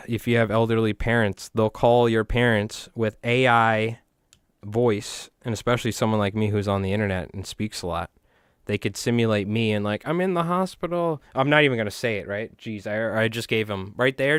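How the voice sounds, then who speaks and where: A man's voice: medium pitch, smooth, dry recording, clean studio sound. Chatty New York man tying flies. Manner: rambling, joking, chatty with viewers. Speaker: fly tying channel host. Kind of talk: casual livestream chat while tying flies.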